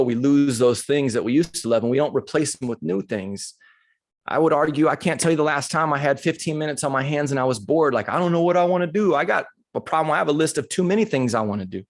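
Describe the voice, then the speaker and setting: A man in middle age gives a live motivational talk. He tells a personal story with animated, conversational energy that keeps turning emotional. His voice sits at an ordinary middle pitch. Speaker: motivational speaker. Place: live retreat session.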